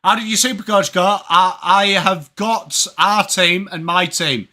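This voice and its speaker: A man's voice: sits high, measured pace, bright, forceful tone. Chatty English guy streaming live. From England. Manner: chatty, greets chat viewers by name. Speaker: watch-along streamer.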